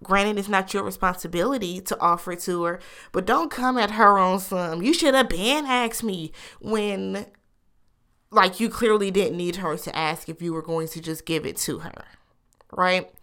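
Animated woman with a smooth voice. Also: lowish voice, normal speed. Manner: animated, laughing, incredulous asides. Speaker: reality TV recap host. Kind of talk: casual chat.

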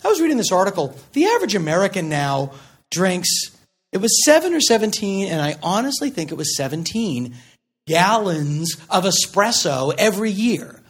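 A man performing a stand-up comedy set with a sardonic, deadpan delivery. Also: high-pitched, normal speed. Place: comedy club stage before a laughing audience. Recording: live recording with audience noise.

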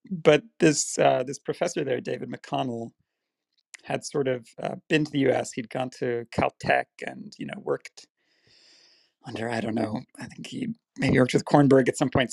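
A man in his forties speaks with a faint South Dublin lilt under a strongly gravelly, fry-laden voice. He answers as an interview guest, relaxed and reflective, pausing on fillers, in a dry, close recording. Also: medium pitch, dry recording. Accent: slight South Dublin Irish. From Ireland. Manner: relaxed, thoughtful, often pauses with fillers. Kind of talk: casual interview chat.

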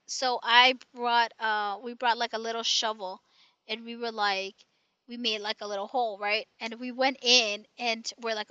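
Bright-voiced woman telling a rambling story. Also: a little high, fairly even intonation, normal speed, smooth, no echo, dull audio. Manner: rambling storyteller, many restarts and "right?". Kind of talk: casual chat.

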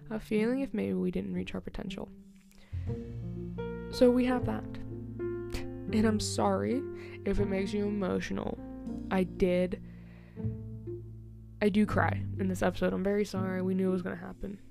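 A young woman in her twenties hosts a casual solo podcast, talking in a loose, rambling way full of fillers and light laughs. Her voice has a gravelly, fry-edged texture at a middling pitch. Music plays clearly behind her. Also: level tone, moderate pace, pauses often. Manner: chatty, rambling, laughs often, many "like" fillers. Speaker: podcast host.

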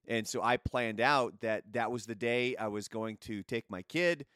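A man's voice: medium pitch, normal speed, fairly bright tone, smooth, no echo, studio quality. Chatty opinionated man hosting. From United States. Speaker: host. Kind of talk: casual news commentary show.

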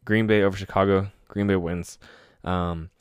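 A man with a deep, low voice runs through game results in a loose, excitable way. He swears freely and laughs at his own stories. The sound is dry and close, with no room around it. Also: normal speed, clean tone, dry recording. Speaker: sports podcast host. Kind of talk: casual solo sports talk.

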